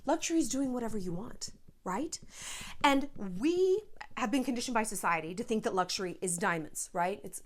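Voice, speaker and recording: A woman giving frank, animated life advice in a casual vlog, a little short of breath and sighing now and then. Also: mid-range voice. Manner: frank, animated, swears, slips into quoted voices.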